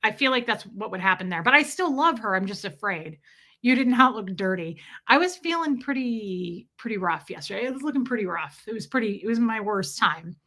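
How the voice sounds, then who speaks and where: A livestream host reads viewer comments and rambles casually, poking fun at herself as she goes. Her mid-range voice is animated and brisk with hardly any pauses, and its tone is bright and forceful.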